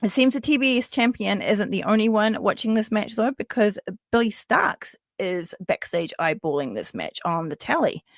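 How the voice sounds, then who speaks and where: A woman hosts a casual podcast and runs through wrestling matches with lively, loose energy, dropping swears and plenty of fillers. Her voice sits at an ordinary middle pitch. It is recorded dry and close, with no room sound. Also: normal speed, gravelly, no echo. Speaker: podcast host.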